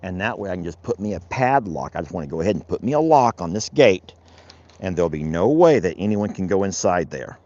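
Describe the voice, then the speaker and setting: A low-voiced man rambles along as he works his pasture, his pitch rising and falling a lot while he talks. It is a casual rancher vlog taped outdoors, and the sound is a bit dull and lo-fi. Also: sing-song, a little fast, mellow. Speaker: rancher vlogger. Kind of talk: casual vlog narration while doing chores.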